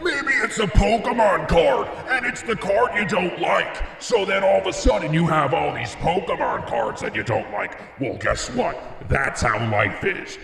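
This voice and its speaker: A man putting on a booming dramatic motivational speaker. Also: animated, a little slow, gravelly, few pauses, heavily acted. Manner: shouting, overblown preaching. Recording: echoey, distant from mic, faint music.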